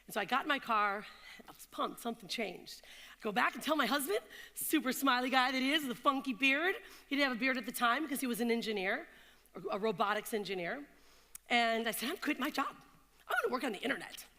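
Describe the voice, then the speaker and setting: In a London event hall with long, echoing reverb, a woman in her thirties gives a motivational keynote. Her voice is on the high side and fairly quick, and she tells stories with animation while asking the crowd questions.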